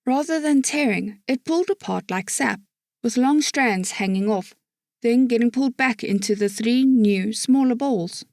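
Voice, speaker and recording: A woman narrating an audiobook chapter in a steady storytelling manner. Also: a little high, normal speed, dry recording, clean studio sound. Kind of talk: scripted narration.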